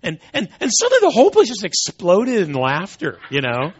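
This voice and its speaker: A man's voice: high-pitched, huge pitch swings, a little fast, slightly rough. A man who speaks as a Christian apologist, telling a humorous story and often repeating words as he goes, in a dull lo-fi recording.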